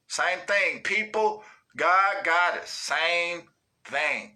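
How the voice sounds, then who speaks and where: A man's voice: a little high, slow pace, sharp tone. A man hosting a livestream, reading out viewer comments in a laid-back, slangy, profane way and cracking up often. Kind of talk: casual livestream chat.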